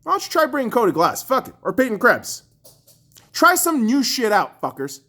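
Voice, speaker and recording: A young man hosting a podcast, ranting angrily and profanely about his team's playoff loss, swinging between shouts and low mutters. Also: wildly swooping pitch, moderate pace. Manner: profane, furious, mocking. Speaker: podcast host. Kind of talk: angry sports rant.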